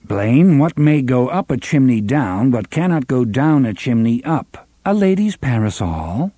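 A man playing a grim gunslinger who speaks in a firm, measured way. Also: mid-range voice, lively intonation, mellow, dry recording, clean studio sound. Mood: probing. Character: grim, terse male gunslinger.

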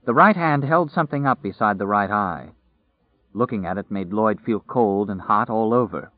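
A man reading an audiobook in steady, measured narration, recorded with a tinny, phone-like sound. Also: lowish voice, dry recording.

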